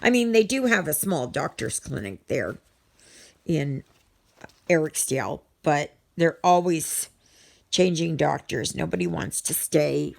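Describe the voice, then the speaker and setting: A woman's voice: low-pitched, creaky. A middle-aged woman chatting casually to her viewers in a rambling way, full of ums and restarts. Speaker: vlogger. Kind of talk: casual chat to viewers while stitching.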